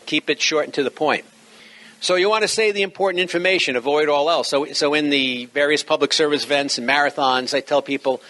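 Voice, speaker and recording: A man's voice: fairly high pitch, a little fast. A middle-aged man giving an informal lecture on radio operating, emphatic and full of joking asides. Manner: jokey, emphatic, lively asides. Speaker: presenter teaching radio operating practice.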